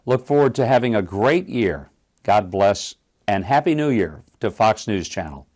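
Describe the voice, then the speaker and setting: A man giving a folksy, relaxed recorded New Year greeting. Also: lowish voice, normal speed.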